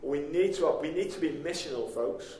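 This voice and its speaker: Man, pastor, sermon, high-pitched, chatty with the congregation, roomy church hall echo. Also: normal speed, a little mellow. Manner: conversational preaching, questions to the congregation.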